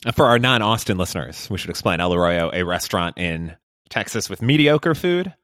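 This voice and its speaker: A man's voice: low voice, expressive, fairly quick, fairly bright tone. A man co-hosting a podcast, explaining things in an amused, easygoing way. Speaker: podcast co-host. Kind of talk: casual chat.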